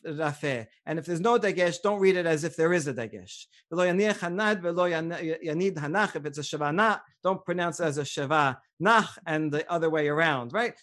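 A middle-aged man, a rabbi, lecturing on Jewish law, reading Hebrew sources aloud and explaining them in a measured way. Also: high-pitched, fairly bright tone. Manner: measured and explanatory, with frequent uh fillers.

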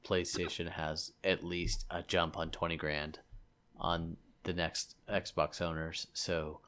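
A man's voice: low-pitched, little pitch movement, slow, fairly bright tone, smooth. A man in a casual gaming discussion, speaking emphatically with repeated demands.

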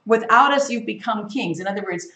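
A woman teaching a Bible study, reading scripture aloud with lively, emphatic stress. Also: medium pitch, brisk. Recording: echoey room.

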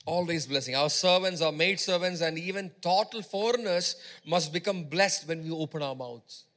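High, bright-voiced emphatic male preacher. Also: moderate pace. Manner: emphatic, repeats phrases for stress, swings between loud exhortation and quiet teaching. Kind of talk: sermon.

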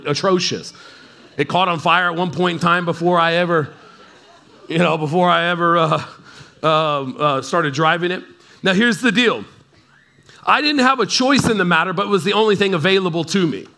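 A man's voice: high-pitched, bright, forceful tone. A man preaching a sermon to a congregation in a loose, conversational way, often checking in with the crowd and adding playful asides. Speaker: pastor. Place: church service in front of a congregation.

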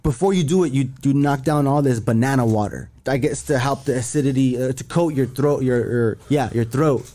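A man's voice: mid-range voice, brisk, few pauses, warm tone. A young man telling a long story in casual chat, rambling and profane, with many restarts. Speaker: podcast guest.

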